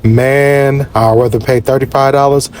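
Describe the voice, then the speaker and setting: A man casually narrating his own travel vlog, slangy and animated, his voice jumping up in surprise. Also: normal speed, slight background noise. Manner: animated, slangy storyteller with big pitch jumps. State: short of breath at altitude. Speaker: travel vlogger.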